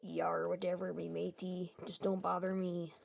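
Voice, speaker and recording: A woman voicing a gruff, standoffish male pirate fox animatronic who talks like a pirate, in a homemade game-video story. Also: fairly low pitch, flat delivery, moderate pace, a little hiss or hum. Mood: grumpy. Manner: pirate talk.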